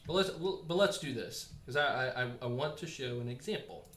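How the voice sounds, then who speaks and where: A man hosting a casual livestream, talking in a chatty, animated way and answering viewer comments while he slowly loses his voice. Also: mid-range voice, reverberant, a little hiss or hum. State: losing his voice. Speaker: livestream host.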